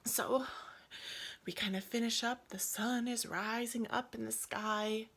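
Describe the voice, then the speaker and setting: A woman's voice: on the high side, fairly even intonation, unhurried, vocal fry, a bit bright. A woman casually telling her own story in a vlog, emotional and often dropping to a near-whisper. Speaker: yoga vlogger telling her birth story.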